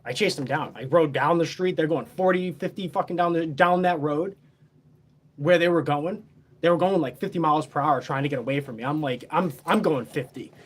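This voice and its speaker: A man's voice: on the high side, a little fast. A man telling a story in a casual, boastful, heavily profane, rambling way.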